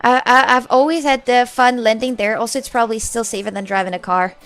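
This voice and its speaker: Loud, swearing streamer woman. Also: on the high side, fairly even intonation, fast. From Russia. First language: Russian. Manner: loud, swears freely, reads chat aloud. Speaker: livestreamer. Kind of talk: casual live stream chat.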